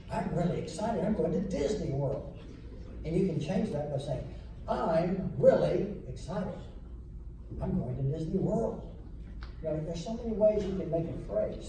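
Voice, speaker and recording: A man coaching a school wind ensemble as a guest clinician, chatty and joking and quizzing the players. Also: fairly high pitch. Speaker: band clinician. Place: large echoey hall, in front of a band. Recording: echoey hall from far off, with noise.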